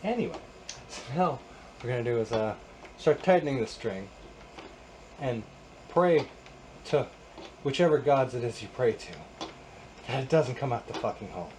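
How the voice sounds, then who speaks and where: A man's voice: mid-range voice, lively intonation, normal speed, pauses often, a little mellow, a little hiss or hum. A man in his thirties restringing a guitar in a casual how-to vlog, ranting with sarcastic, exasperated swearing. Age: 30s. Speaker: YouTube host.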